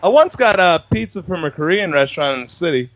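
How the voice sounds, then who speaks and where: A man's voice: on the high side, sing-song, quick pace, fairly bright tone, highs cut off. A man co-hosting a casual wrestling podcast, rambling through match recaps and correcting himself as he goes. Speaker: podcast co-host.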